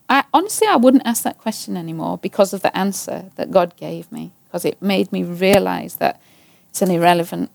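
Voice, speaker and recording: A woman sharing a personal faith story in a casual, earnest way. She repeats herself and acts out her own anxious prayers, often dropping to a hushed voice. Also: medium pitch, normal speed, vocal fry, dry recording. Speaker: Christian speaker.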